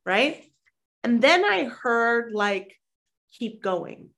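Animated woman telling a story. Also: a little high, drawn-out words, vocal fry. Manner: animated, acts out quoted voices; conversational with fillers like "like". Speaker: podcast guest, mindset and manifestation coach. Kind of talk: anecdotal storytelling in an interview.

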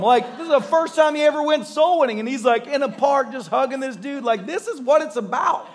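High-voiced man preaching a sermon. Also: a little fast, few pauses. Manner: animated storytelling with acted-out voices and laughter. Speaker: pastor.

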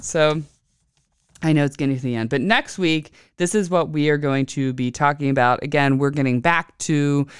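A woman hosting an astrology podcast from home, telling a personal story casually and animatedly, acting out other people's lines with big jumps in pitch. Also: clean tone, no room sound, studio quality.

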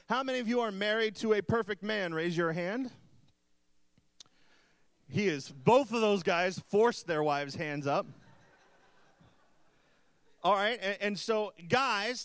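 A man's voice: high-pitched, fairly bright tone, smooth. A man preaching a sermon to a live congregation, teasing the audience with jokes between his points. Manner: playful, joking asides to the audience. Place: church hall with an audience.

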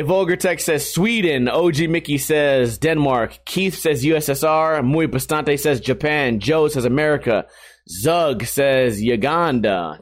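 Rambling crude jokey man hosting a podcast. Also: a little high. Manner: crude, rambling, jokey, puts on silly voices. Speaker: podcast host. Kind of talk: casual comedic monologue.

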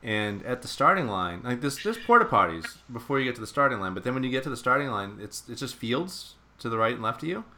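Bright-toned man chatting casually. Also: mid-range voice, fast, few pauses. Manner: chatty storyteller, repeats words when excited. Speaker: podcast co-host. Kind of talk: casual chat.

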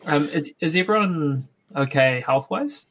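Husky guy at a tabletop game, chill, asks stuff. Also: fairly high pitch, lively intonation, unhurried, fairly bright tone. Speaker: player. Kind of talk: casual tabletop play.

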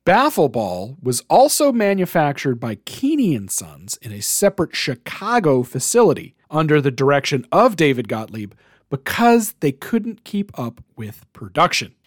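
A man co-hosting a podcast, chatting with bubbly enthusiasm and filling his sentences with "like" and "you know". His voice sits fairly high and swings widely. The recording is close and bone dry. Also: huge pitch swings, normal speed, dry recording. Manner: enthusiastic, many fillers. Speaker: podcast co-host. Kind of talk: casual chat.

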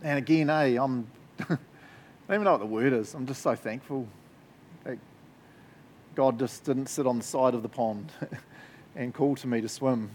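A man's voice: medium pitch, moderate pace, long pauses, darkish tone, a little hiss or hum. A man preaching a casual sermon with enthusiasm, often laughing and checking in with "right?" and "eh?". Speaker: pastor.

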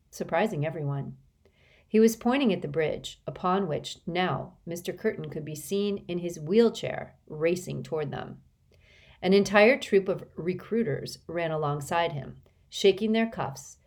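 A woman narrating a children's novel aloud with expressive storytelling. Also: fairly low pitch. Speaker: audiobook narrator. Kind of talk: scripted narration.

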